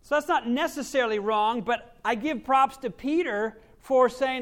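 A male pastor with a strikingly high voice preaches a sermon at a moderate pace, barely pausing. He speaks animatedly, swinging from loud, emphatic lines to hushed, near-whispered asides, and slips into quoted voices to drive his points home.

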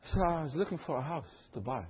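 A man from Syria preaching a sermon, swinging from low asides to loud high exclamations. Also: animated, fast, husky. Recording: long hall reverb, dull lo-fi sound.

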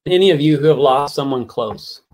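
A man's voice: mid-range voice, animated, brisk, a little mellow. A middle-aged man preaching a sermon, telling a personal story with heartfelt earnestness that builds into impassioned pleading.

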